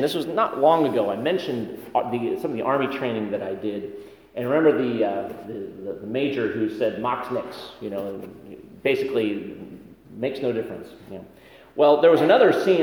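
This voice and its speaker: A pastor with a medium-pitched, darkish voice preaches a sermon, telling stories conversationally and poking fun at himself. The sound carries the long reverb of an echoey hall.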